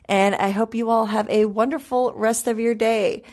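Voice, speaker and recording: A woman's voice: on the high side, steady tone, normal speed, a little mellow. A young woman hosting a live space podcast, talking casually and upbeat with plenty of fillers. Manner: chatty, upbeat, many fillers. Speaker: podcast host.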